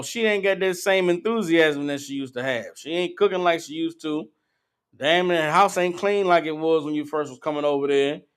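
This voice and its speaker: A man with a high voice preaches a street-style sermon in a blunt, profane way. He mocks people by putting on their voices and hammers his points home. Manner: blunt, profane, mocking impressions of women. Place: meeting hall.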